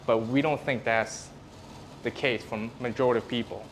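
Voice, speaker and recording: A man gives a casual physical therapy presentation to a live audience in a room. His voice sits at a middle pitch, and he talks in a relaxed, conversational way, acting out examples as he goes. Faint noise sits in the background. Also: moderate pace.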